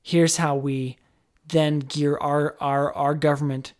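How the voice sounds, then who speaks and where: A man's voice: a little high, little pitch movement, takes it slowly, darkish tone. A man hosting a podcast, talking in a loose, rambling way with frequent restarts. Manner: rambling, with restarts, jokey put-on voices. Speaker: podcast host. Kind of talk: casual chat.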